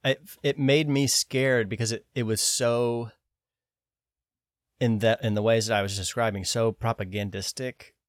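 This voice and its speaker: Guy chatting on a podcast, medium voice, dry close sound, gets animated. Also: measured pace, dry recording. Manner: animated, breaks into shrill mocking voices. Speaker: podcast co-host. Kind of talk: casual chat.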